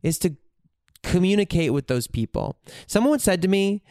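A man's voice: high-pitched, big pitch swings, moderate pace, a little mellow, clean tone, no room sound, studio quality. A man in a candid, reflective monologue, swearing freely and searching for his words as he goes.

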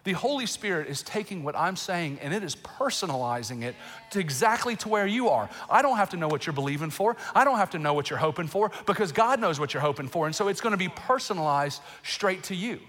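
High, bright-voiced preaching man. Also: a little fast. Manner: emotional, animated preaching with laughs and outbursts. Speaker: pastor. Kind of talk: sermon. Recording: long reverb in a large hall.

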